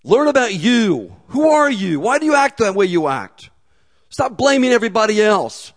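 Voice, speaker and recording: A man preaching a sermon in a relaxed, conversational way, with humor and acted asides. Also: high-pitched, moderate pace. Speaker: pastor.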